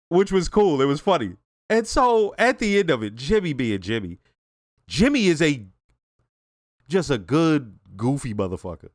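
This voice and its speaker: Animated, profane man reviewing a TV episode. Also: a little high, measured pace, long pauses, no echo, studio quality. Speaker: reaction video host.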